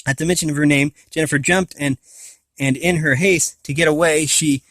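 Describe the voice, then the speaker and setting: A man's voice: fairly high pitch, fairly even intonation, moderate pace, fairly bright tone, no echo. A man reading a novel aloud, often stumbling, restarting and correcting himself. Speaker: reader of a novel. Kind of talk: amateur audiobook reading.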